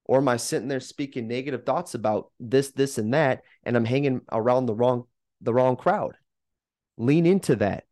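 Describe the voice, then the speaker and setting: A man's voice: medium pitch, darkish tone, no echo, studio quality. A man who is a fitness coach, hosting a podcast monologue and urging listeners in an emphatic, urgent pep-talk style.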